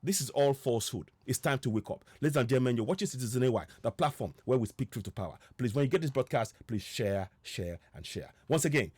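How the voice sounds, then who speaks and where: A man's voice: mid-range voice, expressive, fast, few pauses, a little mellow, husky, dry recording. A man hosting an online political commentary show, impassioned and repetitive, often stumbling and restarting.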